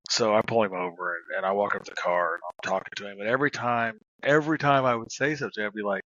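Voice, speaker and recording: A man's voice: on the low side, steady tone, quick pace, few pauses, bright, forceful tone, no room sound, lo-fi sound. A middle-aged man and former police officer, casually telling stories on a podcast, laughing and swearing as he goes. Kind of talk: casual storytelling.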